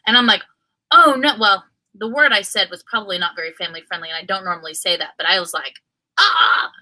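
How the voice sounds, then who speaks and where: Bright, animated woman telling a story. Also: lowish voice, rapid-fire, rough recording. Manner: animated storytelling with excited outbursts. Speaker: co-host of a reselling livestream. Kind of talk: casual livestream chat.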